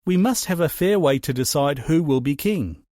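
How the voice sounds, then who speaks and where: A man voicing a wise, thoughtful female owl in a storybook, speaking in a measured way. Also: fairly high pitch, expressive, dark tone, no room sound, clean studio sound, close to an everyday voice.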